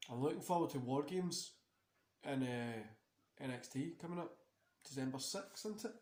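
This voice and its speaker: A man's voice: medium pitch, moderate pace, a little mellow. Tired, rambling man in a roomy room. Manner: rambling, swears freely, many fillers. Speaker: host. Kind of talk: casual wrestling watch-along chat. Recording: roomy echo.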